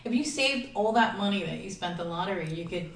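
A woman's voice: medium pitch, animated, a little fast, recorded from a distance, slight background noise. Chatty woman host in a roomy space. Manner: chatty, laughs often, many fillers. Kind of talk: casual chat. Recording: roomy, from off-mic.

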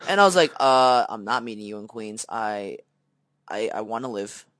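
A man's voice: lowish voice, moderate pace, no room sound. A young man co-hosting a podcast, telling a story in a casual way, acting out the voices in it, with many fillers. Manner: animated storyteller, acts out quoted dialogue, many fillers. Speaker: podcast co-host.

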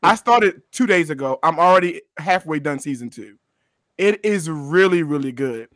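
A man co-hosting a casual podcast chat, animated and laughing, often repeating himself as he talks. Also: on the high side, moderate pace, no echo, studio quality. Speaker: podcast co-host.

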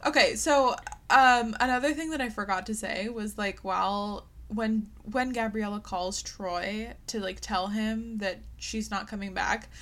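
A young woman co-hosting a laid-back chat, slipping in dry, wry remarks at an everyday middle pitch. She talks casually with a friend. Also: measured pace, a bit bright. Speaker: podcast co-host. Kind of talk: casual chat recapping a movie.

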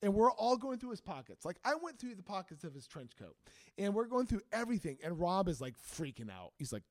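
A man's voice: a little fast, no room sound. A man, a band director and teacher, telling a story in casual chat, acting out quotes with big jumps in his voice. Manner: animated, acts out quotes with big pitch jumps.

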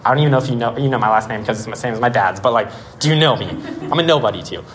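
A young man in his twenties giving a casual sermon and telling a story in a lively way, with many "like"s. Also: mid-range voice, very fast, slight background noise. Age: 20s. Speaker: preacher.

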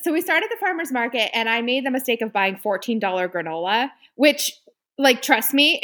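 A woman chatting casually as a co-host, telling a story with lively acted-out quotes and some swearing. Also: on the high side. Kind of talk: casual chat.

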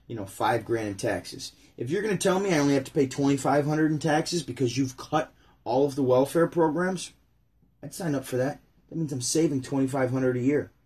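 A man's voice: medium pitch, darkish tone, breathy edge. A man from upstate New York hosting his own livestream, ranting bluntly and chatting casually with viewers. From Syracuse, New York. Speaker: channel host.

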